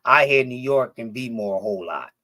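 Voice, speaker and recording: A man from Philadelphia chats casually as an interview guest, his voice carrying a slight lisp and a little rasp. He talks in a relaxed way, with plenty of fillers and a lot of swearing, and his pitch sits in an ordinary middle range. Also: fairly quick. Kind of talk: casual chat.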